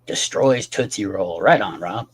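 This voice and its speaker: A man's voice: low-pitched, animated, unhurried, slightly rough. A tired man rambling casually to his livestream chat, swearing often and talking to viewers by name.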